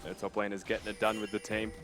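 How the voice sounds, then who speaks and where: Low-voiced male analyst commentator. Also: little pitch movement, fast, over music. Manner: thoughtful, laughs easily. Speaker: esports color commentator.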